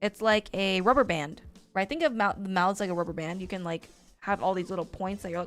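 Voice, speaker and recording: A woman's voice: medium pitch, fairly quick, soft background music. A woman teaching a live-stream drawing lesson, chatty and rambling with lots of fillers. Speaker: art teacher.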